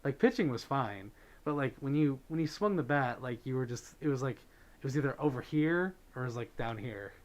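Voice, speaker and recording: A man chats easily on his livestream, reading out viewer messages and thanking donors along the way. He talks with a relaxed stream of ums and likes, at a middle pitch. The feel is loose and unscripted. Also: normal speed, dull audio. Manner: chatty, thanks donors, many fillers. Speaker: livestream host. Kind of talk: casual chat with viewers.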